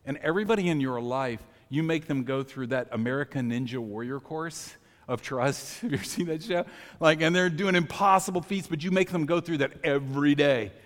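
A man's voice: a little high, brisk, big-room sound. A man preaching a sermon as pastor, talking casually, telling personal stories and putting questions to the congregation. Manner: conversational, personal storytelling, asks the congregation questions. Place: church sanctuary.

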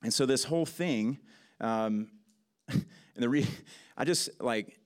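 A man preaching a sermon in a relaxed, conversational way, with frequent restarts and asides. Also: mid-range voice, takes it slowly, smooth. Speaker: pastor.

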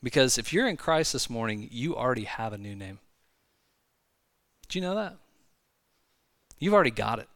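A man preaching a sermon in a church, talking conversationally with frequent asides and quick restarts. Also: mid-range voice, lively intonation, a bit bright, dry recording, clean studio sound. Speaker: pastor. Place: church sanctuary.

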